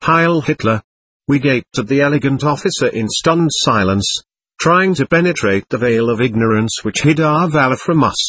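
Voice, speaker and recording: A man narrating a first-person war story as an audiobook reader, in a measured, expressive way. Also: mid-range voice.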